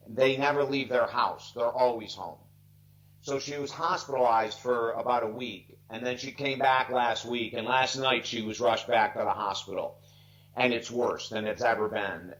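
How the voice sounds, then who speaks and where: Heard through a rough recording, a mid-range, somewhat bright male voice belongs to a life coach in his sixties. Speaking over video call, he shares stories in an earnest, emphatic, heartfelt way, emotional enough to be near tears.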